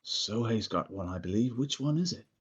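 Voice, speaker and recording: A man's voice: on the low side, expressive, normal speed, husky, lo-fi sound. A man playing a tabletop game, chatting and joking with the table. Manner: playful, joking banter. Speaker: player. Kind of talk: casual tabletop game chat.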